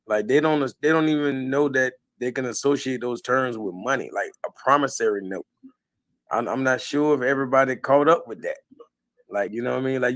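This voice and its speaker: A man's voice: mid-range voice, a bit bright, no room sound. A man hosting a casual chat, laid-back and full of slang, with lots of "like" and "you know". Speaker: host.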